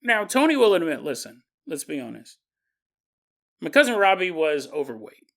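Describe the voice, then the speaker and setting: A man hosting a podcast, telling a story in a casual, animated way and joking and laughing as he goes. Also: on the high side, moderate pace. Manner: animated, jokey, laughs often. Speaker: podcast host.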